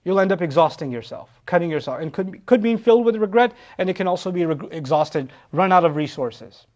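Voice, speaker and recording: A man explains Quran verses at a quick clip, his voice sitting high. He keeps it lively, firing off rhetorical questions and slipping into the voices of people he describes. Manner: animated, rhetorical questions, acts out quoted voices. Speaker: Quran teacher.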